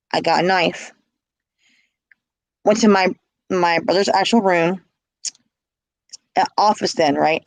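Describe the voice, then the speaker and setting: A woman's voice: fairly low pitch, gravelly, dry recording, poor audio. A woman telling her own story in casual speech, blunt and emphatic, often repeating words.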